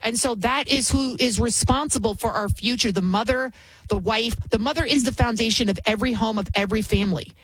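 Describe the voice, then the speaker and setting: A woman's voice: a little high, brisk, breathy edge, no echo. A woman hosting a talk radio show as a fill-in, delivering a blunt, indignant opinion monologue.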